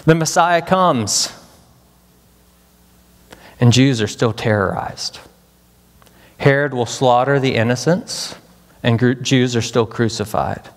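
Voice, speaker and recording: A pastor from Memphis, Tennessee, preaches a chapel sermon in a steady, mid-range voice, unhurried yet dramatic and packed with rhetorical questions. The large chapel hall gives the recording a long reverb.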